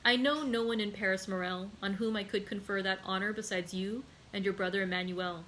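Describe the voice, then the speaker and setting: A woman reading aloud and voicing a vengeful aristocratic count who speaks with calm, measured iciness. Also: medium pitch, slight background noise, close to an everyday voice, rough recording. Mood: cold.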